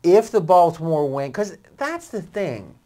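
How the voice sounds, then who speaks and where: A man's voice: on the high side, expressive, measured pace, mellow. A man hosting a sports betting show, pushing back on his guest and arguing his point.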